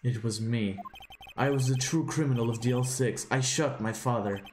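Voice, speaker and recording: A man voicing a haunted young male prosecutor in a game, reading slowly and somberly. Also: mid-range voice, slight background noise, lightly acted. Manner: slow, somber confessional reading. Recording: roomy, with game music behind.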